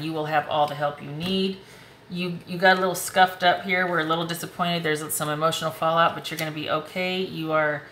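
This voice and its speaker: A woman's voice: sits low, bright, forceful tone, echoey room, slight background noise. A woman giving a casual tarot reading to camera in a reassuring, emotional way that breaks into laughs. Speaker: tarot reader. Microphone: close desk mic.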